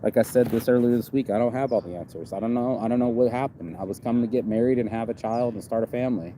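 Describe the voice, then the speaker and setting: A man's voice: mid-range voice, quick pace, dark tone, a little hiss or hum. A man in his forties talking outdoors in a rambling, reflective vlog, with lots of "you know". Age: 40s. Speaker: vlogger. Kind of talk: casual outdoor vlog monologue. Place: outdoors on a campus.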